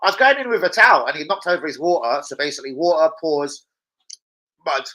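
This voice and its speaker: A man's voice: on the high side, animated, fast, sharp tone, poor audio. A young man chatting casually on a live stream at home, swearing freely and bantering with viewers. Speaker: livestreamer.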